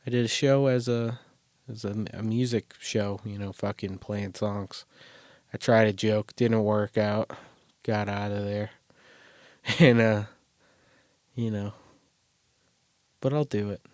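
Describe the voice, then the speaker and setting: A man's voice: on the low side, fairly even intonation, slow pace, pauses often, a little mellow, dry recording, studio quality. A man hosting a solo podcast from a closet, talking in a rambling, crude, self-deprecating way and swearing a lot. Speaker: podcast host. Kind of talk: casual solo podcast monologue. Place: small closet.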